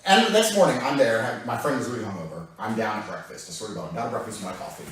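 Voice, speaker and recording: A man tells a rowdy anecdote with lots of swearing. His pitch leaps up and down as he goes. He sounds far from the mic, in a very echoey room. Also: racing. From England. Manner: animated, profane storytelling that breaks into laughter. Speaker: guest telling a story. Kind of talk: casual anecdote.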